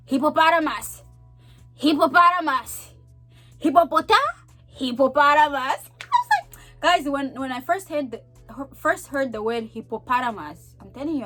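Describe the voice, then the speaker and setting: A young woman with a Zambian accent tells stories to camera in a high, bright voice that leaps up and down. She laughs often and slips into quick impressions of other people. Soft music plays faintly behind her. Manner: animated, laughing, acts out voices. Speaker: vlogger. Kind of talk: casual storytelling to camera.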